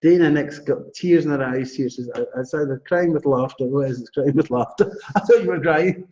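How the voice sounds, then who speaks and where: A Scottish man hosting a live psychic reading stream, chatty and animated, reading out viewers' names. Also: on the high side, fairly quick. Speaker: psychic astrologer host. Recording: dull lo-fi livestream audio.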